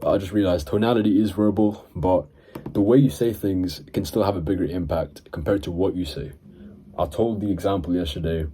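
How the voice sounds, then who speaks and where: A man's voice: low-pitched, mellow, slightly rough. A young man hosting his own channel, giving casual sales coaching to camera in a rambling, earnest way that often corrects itself. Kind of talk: casual talking-to-camera advice. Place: indoors in front of a camera.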